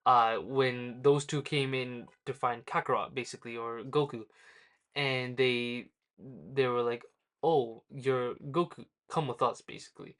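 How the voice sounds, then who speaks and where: A man's voice: mid-range voice, a bit bright. Rambling man reviewing a manga chapter. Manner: rambling, many ums and uhs, retells scenes loosely. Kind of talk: casual spoken review.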